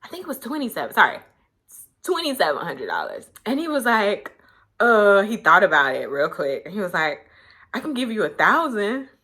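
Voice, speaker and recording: A woman's voice: medium pitch, sing-song, normal speed, pushed and bright, slightly rough. A young woman vlogger telling a personal story in a candid, conversational way, full of fillers and emotion.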